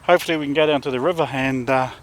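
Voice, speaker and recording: A man with a New Zealand accent, a dog trainer chatting casually outdoors with his dogs and now and then calling loudly to one of them. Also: mid-range voice, fairly even intonation, rapid-fire. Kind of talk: casual outdoor vlog talk.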